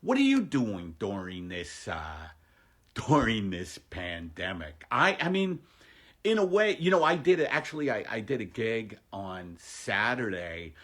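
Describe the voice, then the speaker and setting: A man's voice: fairly low pitch, very animated, measured pace, fairly bright tone. A male comedian rambling through a casual livestream from home, self-mocking and jokey. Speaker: stand-up comedian hosting a livestream. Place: home, during lockdown.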